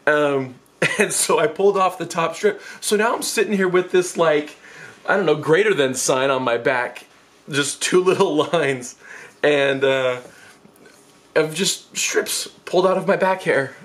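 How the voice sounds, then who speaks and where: Brief: a man in his 20s, comic storytime vlogger, lively and self-mocking, quick squeaky jumps in pitch for quotes.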